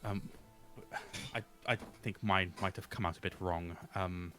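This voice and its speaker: A man's voice: low-pitched, steady tone, a little slow, sharp tone, faint music behind, pitched below the performer's own voice. A man voicing a prim, demanding patron in a tabletop game, stiffly formal. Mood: stern. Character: prim demanding male patron, polite then icy.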